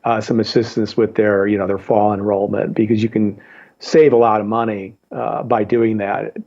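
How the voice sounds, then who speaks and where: A male journalist answering interview questions in a measured, explanatory way. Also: lowish voice, flat delivery, gravelly, warm tone, dull audio. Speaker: journalist guest.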